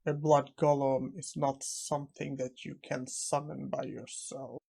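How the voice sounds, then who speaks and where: A man reading the lines of a cold, vengeful male necromancer in a manga recap, in a flat, unhurried delivery. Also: mid-range voice, creaky, slightly rough.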